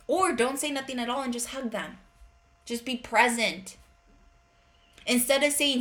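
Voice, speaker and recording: A woman's voice: sits high, normal speed, long pauses, a bit bright. A woman in her thirties hosting a parenting podcast, speaking earnestly and directly in a conversational monologue.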